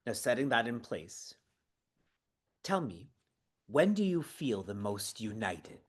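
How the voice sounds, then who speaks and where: A seva training guide runs an online session from his prayer room, engaging the audience with questions and laughing between points. His medium-pitched voice swings widely in pitch, and he speaks slowly.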